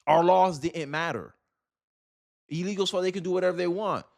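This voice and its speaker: A man's voice: sits high, moderate pace, vocal fry, darkish tone. A man from Florida hosting a political commentary video, ranting heatedly and emphatically in casual slang.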